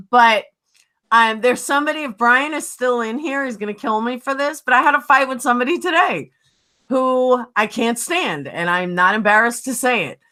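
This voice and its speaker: A woman's voice: a little high, moderate pace, sharp tone. A woman with a New York accent hosting a livestream chat, telling heated stories bluntly and swearing freely. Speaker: livestream host.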